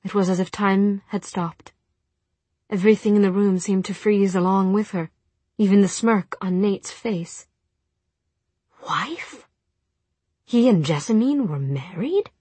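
A woman giving a measured audiobook narration of a novel. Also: mid-range voice, warm tone, slightly rough, dry recording. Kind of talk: scripted narration.

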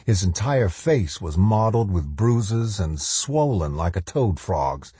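A man narrating a novel in an audiobook with measured, even storytelling. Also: on the low side, breathy edge, dry recording.

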